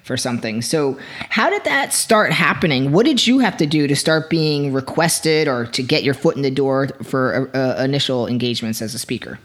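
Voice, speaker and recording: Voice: medium pitch, lively intonation, moderate pace, hardly any pauses, a bit bright. Rambling podcast interviewer. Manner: rambling questions, many fillers. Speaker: podcast host.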